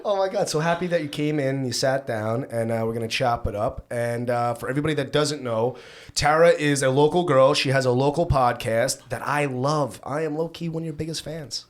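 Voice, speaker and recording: A man hosting a casual podcast chat, excitable and slangy, with the odd swear. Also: mid-range voice, fairly quick. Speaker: podcast host.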